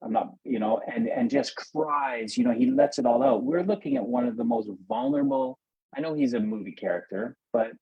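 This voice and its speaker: A man in a podcast conversation, speaking earnestly and from the heart, with halting restarts. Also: mid-range voice, husky, dry recording, muffled recording.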